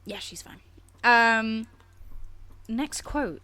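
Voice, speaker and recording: A woman hosting a film quiz on a casual podcast, bossy and swearing, quick to laugh. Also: on the high side, big pitch swings, fairly bright tone. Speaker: quiz host.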